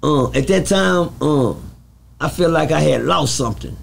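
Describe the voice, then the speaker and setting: A man from Fort Worth, telling stories as an interview guest, animated and swearing freely as he acts out the voices of others. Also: fairly high pitch, normal speed, gravelly, a little hiss or hum. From Fort Worth, Texas. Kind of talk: storytelling in a casual interview.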